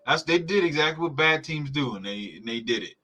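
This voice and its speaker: A man on a sports podcast, his voice strikingly bright and sharp, riffing heatedly on a live game. He swears casually and keeps circling back to press his argument. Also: fairly high pitch, expressive, a little fast, dull audio. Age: adult parent. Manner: profane, heated sports rant. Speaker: podcast host. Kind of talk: live football reaction chat.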